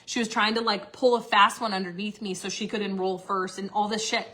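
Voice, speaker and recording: A woman in her thirties talks straight to her viewers about something she lived through. She is blunt and swears freely, with "like" in nearly every sentence. Her pitch sits in the middle for a woman, and she gets louder and more agitated as the story goes on. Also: steady tone, brisk. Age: 30s. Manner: candid, swearing, says "like" constantly; grows agitated and loud. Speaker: vlogger. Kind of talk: casual storytelling to camera.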